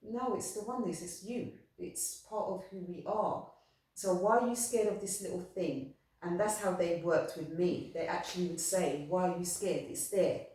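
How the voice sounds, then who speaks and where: Speaking at normal speed in a lowish, slightly mellow voice, a spiritual medium earnestly discusses spirituality. Her talk is heartfelt yet rambling and repetitive, full of restarts, recorded through a distant mic in an echoey room.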